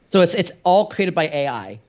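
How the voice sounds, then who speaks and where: A man's voice: on the high side, very animated, normal speed, a little mellow, lo-fi sound. A man co-hosting a podcast, rambling and stammering through a laughing casual chat. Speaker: podcast co-host.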